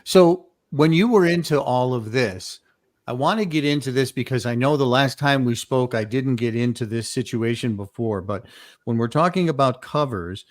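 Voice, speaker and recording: A man's voice: mid-range voice, moderate pace, no room sound. A man hosting a podcast asks meandering questions with plenty of restarts. The recording is close and dry, with no room sound. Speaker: podcast host. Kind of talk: casual interview.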